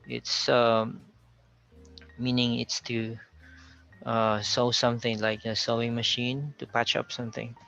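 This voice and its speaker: A man with a Filipino accent teaching a pronunciation lesson, slowly repeating words to contrast how they sound, with faint music behind him on a lo-fi recording. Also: mid-range voice, creaky, a bit bright. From Philippines.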